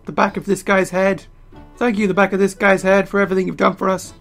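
A woman giving excitable gameplay commentary as a let's player, full of sudden exclamations. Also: mid-range voice, fast talker, soft background music. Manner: excitable, frequent startled exclamations.

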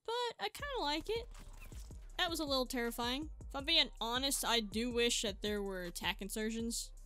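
Excitable bright-voiced woman gaming host. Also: mid-range voice. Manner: excitable, yelps and exclaims mid-game, chatty to viewers. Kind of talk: gameplay commentary. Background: faint background music.

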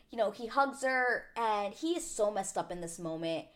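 A woman casually recapping a reality dating show, chatty and opinionated, full of "like" fillers and high indignant outbursts. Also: expressive, normal speed, hardly any pauses. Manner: rises to high indignant exclamations. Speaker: TV recap vlogger.

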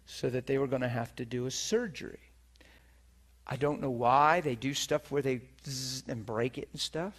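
A middle-aged man preaching, telling a personal story with animated delivery, acting out voices and laughing often. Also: medium pitch, normal speed. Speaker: preacher teaching on healing. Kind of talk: sermon storytelling. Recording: live teaching session, room mic.

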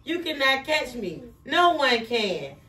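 A woman voicing a cheeky runaway gingerbread boy in a high, taunting singsong chant, read from a storybook. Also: sing-song, slow pace, pushed and bright, heavily acted. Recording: echoey room, distant mic.

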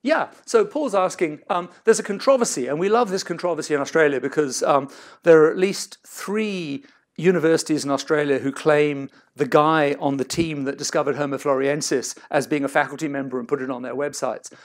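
A middle-aged man lecturing at an academic seminar in a fairly high voice. He talks in a discursive, hedging way, often cutting himself off and rephrasing before landing his point. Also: brisk. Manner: discursive, self-interrupting, hedged.

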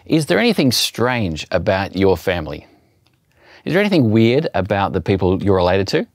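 Low-voiced man preaching. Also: sing-song, moderate pace, dry recording, studio quality. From Australia. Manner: chatty, self-deprecating storytelling. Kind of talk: sermon.

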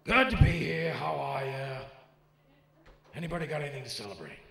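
A man impersonating a famous gruff film actor as a short-tempered, swearing stand-up comic in a live club set. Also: medium pitch, lively intonation, a little fast, sharp tone, distant mic. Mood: snarling. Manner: abrasive, heckler-baiting, swears a lot. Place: comedy club stage. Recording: echoey club with live crowd.

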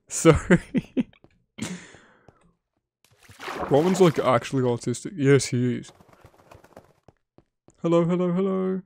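A young man giving casual gameplay commentary, excitable and swearing often, chatting to his in-game animals. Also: fairly high pitch, takes it slowly, vocal fry, long pauses, dry recording. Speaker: gaming video creator. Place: home editing room.

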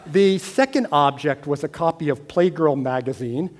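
A middle-aged American man telling a personal story on stage, wry and deadpan, growing animated at times. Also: fairly high pitch, moderate pace. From United States. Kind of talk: storytelling talk.

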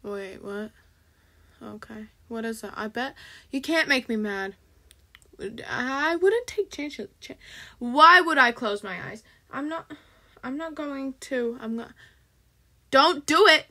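A woman hosting her channel, chatting excitably while reacting to a game video and bursting into shrieks. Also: fairly high pitch, takes it slowly. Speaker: channel host.

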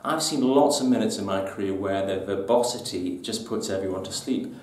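A man's voice: lowish voice, a little fast, darkish tone, slight background noise. A man presenting business tips to camera in an emphatic, punchy, colloquial way. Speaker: business trainer. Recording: echoey room, mic at a distance.

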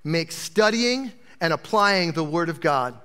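A man's voice: fairly high pitch, expressive, a little slow, pushed and bright, clear, resonant tone. A man who is an associate pastor, preaching a sermon in a chatty, joking way to a live congregation.

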